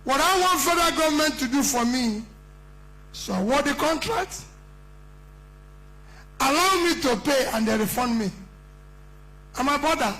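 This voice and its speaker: A man's voice: extremely high pitch, expressive, a little slow, long pauses, sharp tone, poor audio. A middle-aged man with a Nigerian accent, giving an impassioned campaign speech at a conference, emphatic and full of rhetorical questions. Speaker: politician addressing a conference.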